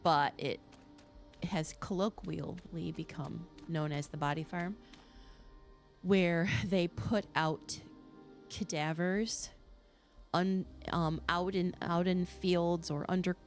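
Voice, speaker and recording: A woman's voice: on the low side, fairly even intonation, takes it slowly, faint music behind. A woman streaming a game, chatting casually in a musing, easily fascinated way. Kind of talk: casual live-stream chat while gaming.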